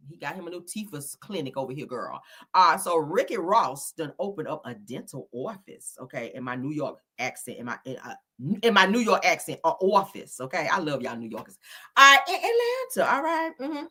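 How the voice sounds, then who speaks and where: A woman's voice: on the low side, sing-song, a little fast, sharp tone. A woman hosting casual celebrity gossip commentary, sassy and profane, laughing often. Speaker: commentary host.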